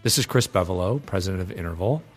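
A man's voice: deep voice, animated, fast, slightly rough, soft background music. A man hosting a podcast in casual chat, joking and rambling, laughing often. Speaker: podcast host, agency president.

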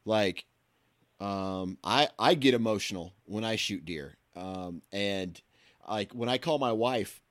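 A man's voice: takes it slowly, no room sound, studio quality. A male podcast host chatting casually and enthusiastically with a guest. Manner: enthusiastic, friendly, swinging pitch. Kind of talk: casual interview chat.

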